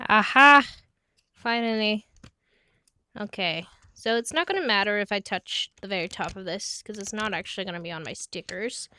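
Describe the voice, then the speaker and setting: Speaking at normal speed with a medium-pitched voice, an American woman who seems to be a young adult chats through a crafting tutorial vlog. She pokes fun at herself, drifts into a half-British lilt while explaining, and hushes to a soft, quiet voice during delicate steps.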